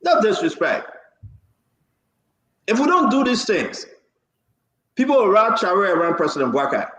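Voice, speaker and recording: A man's voice: sits high, sing-song, moderate pace, a bit bright, roomy sound. A man hosting a heated political talk show, impassioned, cutting in and repeating himself for emphasis. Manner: impassioned, talks over others, repeats for emphasis.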